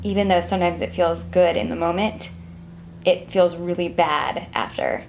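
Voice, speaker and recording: A woman's voice: fairly low pitch, steady tone, moderate pace, vocal fry, a little hiss or hum. A woman speaking thoughtfully and candidly about her own habits. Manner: thoughtful, candid, self-questioning. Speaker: client in session. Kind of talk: reflective conversation.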